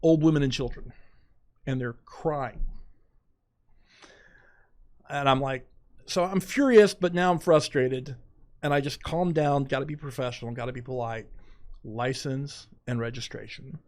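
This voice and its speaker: A middle-aged man, a podcast guest, telling a story in animated, dramatic fashion with quoted asides. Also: medium pitch, moderate pace. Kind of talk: casual storytelling.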